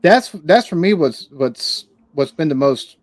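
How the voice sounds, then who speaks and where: A man's voice: a little high, lively intonation, measured pace, no echo. Rambling man in a dry close recording. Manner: rambling, swears casually, frequent restarts. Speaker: podcast guest, reaction channel creator. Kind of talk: casual interview chat.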